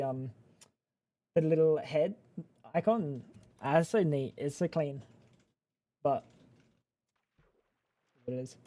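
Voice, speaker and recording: A young man on a livestream, chatting loosely and trading crude, teasing banter. His voice sits fairly high but sounds soft and mellow rather than bright. He rambles and trails off mid-thought. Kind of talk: casual livestream chat.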